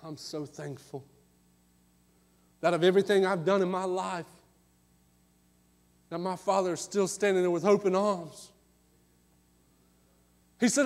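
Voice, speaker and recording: High-voiced preacher in a hall. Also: male voice, fairly even intonation, unhurried, pauses often. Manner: impassioned, swings between loud calls and hushed asides. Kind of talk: sermon. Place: church sanctuary. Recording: long hall reverb.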